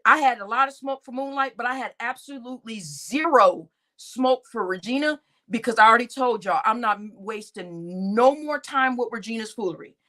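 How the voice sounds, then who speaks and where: A woman with a slightly high voice rants to her viewers in a loose, profane way. She tells the story in an animated style and keeps speaking directly to the audience. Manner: talks straight to her audience as y'all. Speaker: channel host. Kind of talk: casual venting to viewers.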